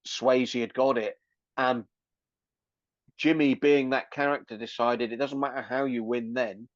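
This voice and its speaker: A man's voice: medium pitch, fairly even intonation, a little slow, no room sound. A man co-hosting a podcast, reflecting on a film and making jokes. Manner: reflective, joking. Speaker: podcast co-host. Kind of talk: casual film review chat. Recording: dull, dry lo-fi mic.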